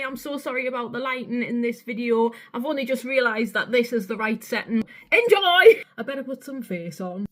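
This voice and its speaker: Woman, North East English accent, beauty vlogger; loose, chatty, sweary, mid-pitched everyday voice. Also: a little mellow. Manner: rambling, casual, swears freely. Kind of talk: chatty makeup tutorial. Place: home vanity area.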